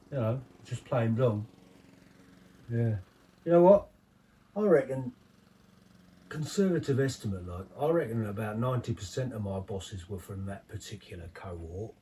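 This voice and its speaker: A man's voice: medium pitch, warm tone, recorded from a distance, lightly acted. A man playing a sardonic ex-henchman. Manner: rambling, confiding, sardonic asides. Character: aging bitter ex-henchman, chatty, sardonic. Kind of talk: audio drama monologue.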